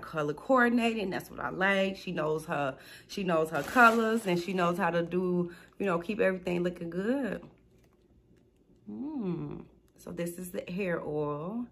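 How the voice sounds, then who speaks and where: A woman, chatting casually and excitedly as she unboxes gifts at home, calling out to viewers. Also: lowish voice, moderate pace, gravelly. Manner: excited, gushing, addresses viewers as y'all. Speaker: small business unboxing vlogger.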